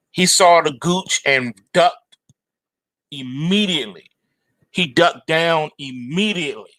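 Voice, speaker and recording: A man hosting an end-of-day trading report, talking about the charts in animated, slangy commentary and joking about them as if they were people. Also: on the high side, no room sound. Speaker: trading show host.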